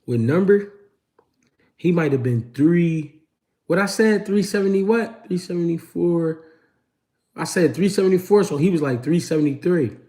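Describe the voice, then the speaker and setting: A man's voice: a little high, lively intonation, moderate pace, mellow. A man hosting a casual livestream, answering chat questions and telling street stories in a slangy, laid-back way. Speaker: host.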